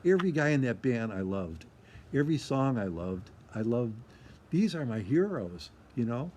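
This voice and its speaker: This interview guest, an older Michigan man, has a mellow, sing-song voice of medium pitch and speaks at a moderate pace, with slight noise in the background. His storytelling is casual and meandering, full of repetition and acted-out quotes of what others said.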